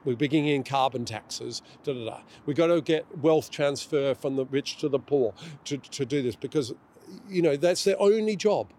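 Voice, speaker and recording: A man's voice: medium pitch, normal speed, darkish tone. A middle-aged man, a guest author in a conversational interview, talking emphatically and acting out quotes. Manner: emphatic, acts out quoted voices.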